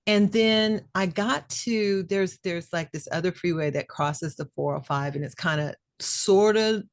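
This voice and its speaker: Woman, middle-aged, podcast co-host, low-ish voice, dry close sound, casual emotional storytelling. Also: a little slow, no room sound. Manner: animated, emotional storyteller who acts out quoted voices.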